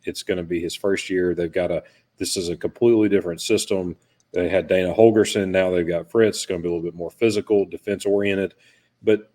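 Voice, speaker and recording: A man with a very deep voice laying out a betting pick on a podcast. He reasons things through steadily and plainly. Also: warm tone. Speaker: podcast panelist. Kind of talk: casual sports betting chat.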